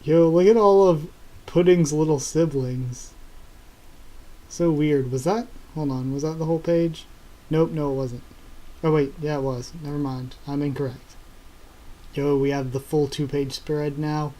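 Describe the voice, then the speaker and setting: Excitable man reacting with laughs. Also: a little high, a little slow. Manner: excitable, laughs often, exclaims "yo". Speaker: YouTuber reacting to a manga chapter. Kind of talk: casual live reading reaction.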